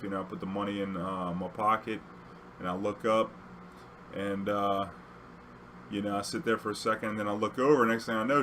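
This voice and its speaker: Young New man, low-voiced but forceful, rambling casual storyteller. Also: slight background noise. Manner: rambling, loose delivery full of "you know". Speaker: taxi driver and storyteller.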